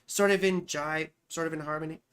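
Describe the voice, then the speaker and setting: A woman's voice: deep voice, fairly even intonation, fairly quick, clean tone. Woman, astrologer, casual live-stream reading, chatty, swears freely, talks back to her chat.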